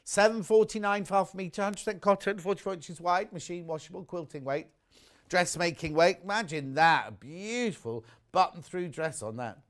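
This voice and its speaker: A man's voice: high voice, normal speed, a bit bright. Chatty man selling on TV. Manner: chatty, gushing over products, reads viewer messages aloud. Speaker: shopping channel presenter. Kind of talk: live TV sales chat. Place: TV studio.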